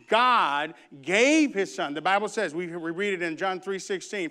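A man preaching a sermon and reading scripture, emphatic, with loud bursts and hushed asides, and humorous conversational stories. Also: sits high, smooth. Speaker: pastor.

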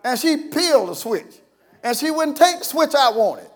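A man preaching a sermon as pastor, folksy and storytelling, breaking into sudden shouts and chuckles. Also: very high-pitched, big pitch swings, normal speed.

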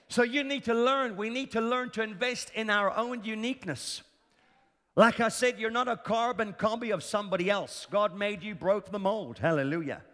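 A man's voice: high voice, bright, forceful tone. A man preaching a sermon, emphatic and repetitive, calling for responses from the congregation. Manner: emphatic, repeats lines for effect, calls for audience responses. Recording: long reverb of a large hall.

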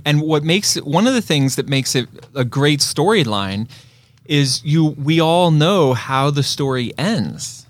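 A man co-hosting a casual podcast chat, relaxed and quick to agree. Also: a little high, dry recording. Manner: laid-back, lots of quick agreeing. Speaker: podcast co-host.

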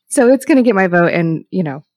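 A woman with a mid-pitched voice speaks slowly and fondly, easing into laughter now and then. Her sound is dry and close. It's a relaxed podcast chat. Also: dry recording. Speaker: panelist.

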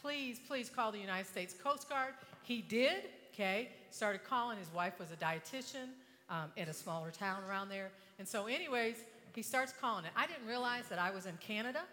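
An older woman giving a motivational talk to an audience, impassioned, swinging from hushed tones to shouting. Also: medium pitch, animated, a little fast, big-room sound. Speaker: inspirational speaker.

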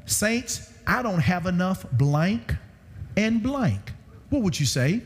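A man preaching a sermon to a congregation with animated swings in pitch, recorded through a church sound system. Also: takes it slowly, slight background noise. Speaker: guest preacher. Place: church sanctuary. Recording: reverberant church hall.

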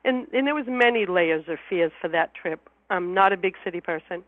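A woman's voice: lowish voice, lively intonation, a little fast, no room sound. A woman guest telling a personal story in an interview, heartfelt and emotional, often repeating her words. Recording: phone line.

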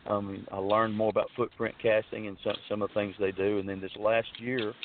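A man's voice: on the low side, little pitch movement, a little fast, slight background noise. Earnest rambling man on a phone line. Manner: rambling, earnest, many restarts and fillers. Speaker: guest telling his story. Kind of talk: casual storytelling.

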